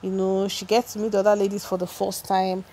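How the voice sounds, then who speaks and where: A woman's voice: mid-range voice, level tone, fairly quick, mellow. A woman giving a chatty, opinionated gossip recap, often restarting her sentences. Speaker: celebrity gossip vlogger.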